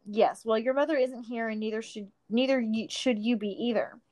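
A woman's voice: on the high side, moderate pace, darkish tone, no echo, natural voice. A woman reading a storybook, voicing a bossy, impatient young hobbit boy who grumbles and snaps. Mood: grumbling. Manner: grumbling and snappish.

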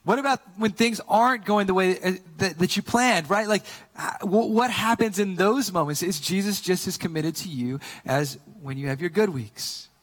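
Male pastor, slightly higher voice, relaxed conversational sermon with lots of fillers, shifts from hushed to animated. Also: normal speed, few pauses, long reverb tail. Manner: casual, conversational storytelling with many fillers; swings between quiet earnest points and lively, loud retellings.

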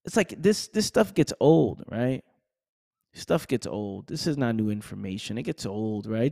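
A man's voice: mid-range voice, normal speed, gravelly, warm tone, no room sound. Passionate guy ranting motivation on his podcast, slangy, repeats himself, dry close sound. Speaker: podcast host. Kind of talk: motivational monologue.

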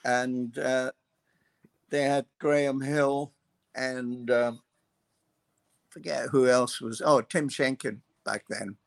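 A man's voice: medium pitch, steady tone, vocal fry, dry recording. Older man spinning loose stories. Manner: unhurried, loose, full of "uh" and "um". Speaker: guest, former racing mechanic. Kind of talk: anecdotal storytelling.

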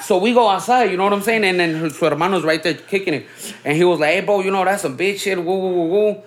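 A podcast host in his thirties tells stories in laid-back, slangy chat, sprinkling in Spanish filler words. His voice is high and fast, with slight background noise.

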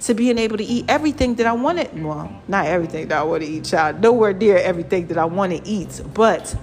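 A woman vlogger giving lively, preachy motivational talk straight to her viewers. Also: mid-range voice, fast talker, slight background noise. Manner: lively and preachy, calls viewers "child" and "y'all".

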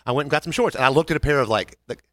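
A man's voice: medium pitch, very fast, a bit bright, no room sound. A man hosting a podcast in a studio, telling crude, joking stories in casual chat. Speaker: podcast host.

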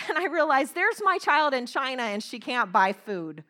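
Bright-voiced woman preaching. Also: high voice, big pitch swings. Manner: earnest, emphatic with slow stressed phrases. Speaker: speaker. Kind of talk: sermon.

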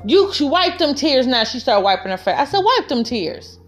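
A woman speaking to the camera in an emphatic, storytelling way, her voice pitched somewhat high. She addresses other women directly with heartfelt, plain-spoken advice. Faint music runs quietly behind her. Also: sing-song, a little fast. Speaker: vlogger giving relationship advice. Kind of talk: casual heartfelt monologue.

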